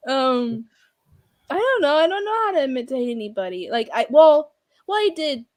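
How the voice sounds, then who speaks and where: Woman streamer rambling on, highish voice, dry sound, loose potty mouth. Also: sing-song, moderate pace, a little mellow, no room sound. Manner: babbling, swears freely. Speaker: streamer host. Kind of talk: casual chat.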